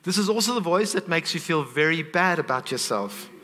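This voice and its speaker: A man's voice: fairly high pitch, animated, brisk, pushed and bright, long reverb tail. A middle-aged man teaching on faith, earnest and heartfelt, openly emotional as he tells a family story. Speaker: Christian teacher.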